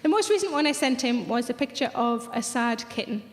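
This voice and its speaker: A middle-aged woman doing a stand-up routine, deadpan with rude punchlines. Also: fairly high pitch, brisk. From North East England. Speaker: stand-up comedian. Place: large theatre stage. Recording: echoey live theatre hall. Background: audience laughter.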